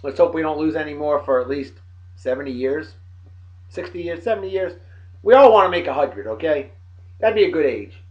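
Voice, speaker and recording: A man, rambling and folksy as he gives birthday shout-outs to old friends. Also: a little high, animated, a little fast. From Martha's Vineyard, Massachusetts. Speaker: vlogger, beer and song of the day host. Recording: dull lo-fi home recording.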